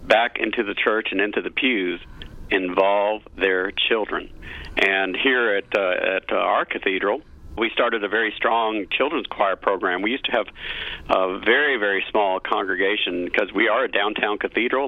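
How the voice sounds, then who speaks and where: A man's voice: lowish voice, normal speed, gravelly, no room sound. A middle-aged man, a cathedral choir director, talking earnestly and enthusiastically as a guest in a radio interview over a phone line. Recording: tinny phone line, dry.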